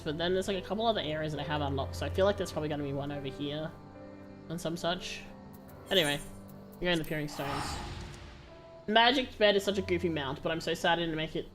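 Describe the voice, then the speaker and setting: A woman's voice: lowish voice, a bit bright. A woman streaming a game, chatting casually in a rambling way with the odd swear word.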